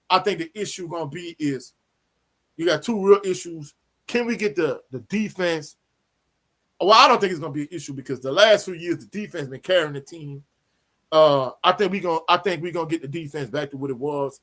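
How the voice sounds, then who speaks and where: Slangy man hosting a live chat. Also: a little high. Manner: animated, slangy, repeats "you know what I'm saying". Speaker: sports talk host.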